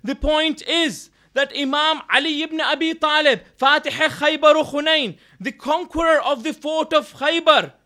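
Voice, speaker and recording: Speaking in a measured way with few pauses, a man with a very high, pushed, bright voice preaches through a moral story. He is a speaker at a religious mourning gathering held in a London hall, and his earnest retelling is full of mid-sentence self-corrections.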